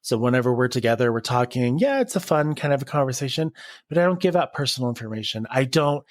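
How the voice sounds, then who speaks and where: A man's voice: mid-range voice, very animated, fast, dry recording, studio quality. A man speaking as a podcast guest, reflective and earnest as he talks openly about friendships. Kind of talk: candid conversational interview.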